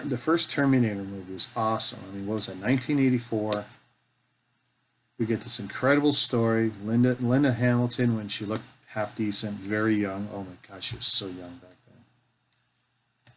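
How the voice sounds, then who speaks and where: A man's voice: fairly low pitch, slight background noise. A middle-aged man from Canada hosting a live stream, chatting casually and joking with himself as he builds. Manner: joking, talks to himself as he works. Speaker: live-stream host building a toy kit. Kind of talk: casual chat while building.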